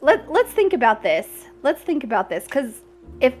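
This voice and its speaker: A woman's voice: high-pitched, big pitch swings, normal speed. A young woman streamer chatting casually, laughing often as she talks. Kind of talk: casual chat.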